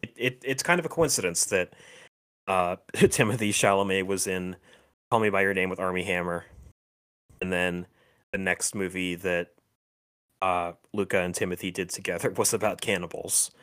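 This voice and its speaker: A man with a fairly low voice co-hosts a podcast in easy conversation. He hesitates constantly, restarting his sentences and chuckling between thoughts. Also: steady tone, a bit bright. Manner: halting, many fillers and restarts, laughs often. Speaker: podcast co-host. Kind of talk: casual chat.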